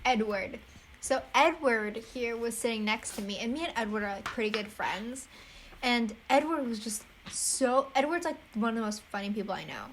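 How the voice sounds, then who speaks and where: A woman's voice: fairly high pitch, animated, normal speed, slight background noise. A teenage girl co-hosting a podcast, telling stories in a casual, rambling way full of "like" and laughter. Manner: chatty storyteller, heavy use of "like", often laughs. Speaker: podcast co-host. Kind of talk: casual chat.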